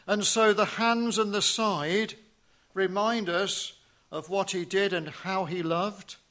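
Male preacher, slow and deliberate sermon with a light, bright tone and rhetorical questions. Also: sits high, fairly even intonation. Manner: measured, rhetorical questions, drops to a hush on key phrases.

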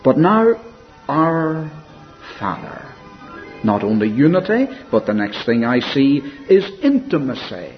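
A man preaching a sermon in an earnest, reflective way, softening and slowing when he quotes scripture. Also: medium pitch, very animated, soft background music. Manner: earnest, reflective preaching with soft, slowed quotations. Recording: dull lo-fi recording with faint hiss.

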